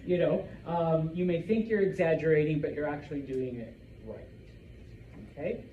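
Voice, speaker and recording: A man teaching a Spanish class to students, repeating words slowly to model their pronunciation. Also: fairly high pitch, dull audio, slight background noise. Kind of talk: classroom lesson.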